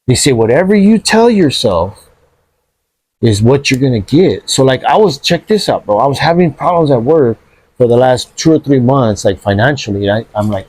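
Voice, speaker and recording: A man chatting casually on a podcast, animated and profane, dropping bro and dude often. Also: medium pitch, normal speed, slightly rough.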